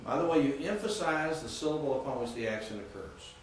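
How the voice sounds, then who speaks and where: A man teaching a class, speaking haltingly, repeating words and quizzing students as he goes. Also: medium pitch, expressive, slight background noise. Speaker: Greek teacher. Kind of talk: classroom lecture. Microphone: distant room mic. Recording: echoey classroom from far off.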